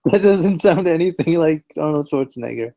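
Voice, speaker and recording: A man co-hosting a podcast, giving football picks in a dry, deadpan way with halting restarts. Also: fairly high pitch, poor audio. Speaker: podcast co-host. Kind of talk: casual chat, football picks.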